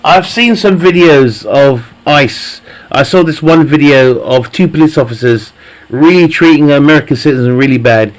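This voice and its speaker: A man's voice: a little high, moderate pace. A man live streaming a game, chatting casually with viewers, joking, teasing the chat, laughing often and swearing freely.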